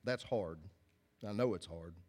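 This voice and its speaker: A man's voice: sits low, a little slow, a little mellow. A man, a pastor preaching a sermon in a church, earnest and folksy, often restarting and repeating his phrases. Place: church hall with congregation.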